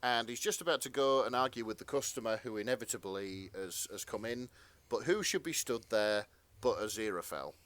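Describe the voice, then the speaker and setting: A man co-hosting a podcast, casually reading fan fiction aloud with relaxed asides and the odd swear. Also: fairly low pitch, a little fast. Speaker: podcast co-host.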